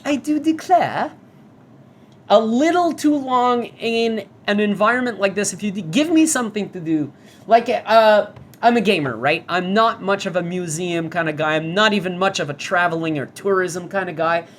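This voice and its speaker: A man's voice: high voice, moderate pace, fairly bright tone, slight background noise. A man giving casual first-impressions commentary as a gamer on a VR demo, rambling, restarting and swearing.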